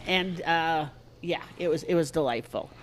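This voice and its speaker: A woman in her sixties telling animated stories on a podcast, casually swearing and acting out a child's shrieks. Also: low voice, moderate pace, a little hiss or hum. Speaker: guest storyteller.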